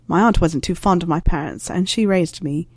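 A woman's voice: fairly low pitch, moderate pace, dry recording. A woman voicing an earnest young man in a storybook reading, speaking plainly and offhandedly.

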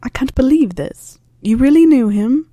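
A woman's voice: mid-range voice, brisk, darkish tone, no echo, natural voice. Harry Potter, a woman voicing a plain young man.

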